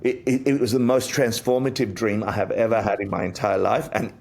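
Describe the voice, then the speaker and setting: Low gravelly man telling a story. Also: a little fast. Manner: animated storyteller, acts out quotes. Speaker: interview guest, Buddhist teacher. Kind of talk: casual storytelling in a podcast interview.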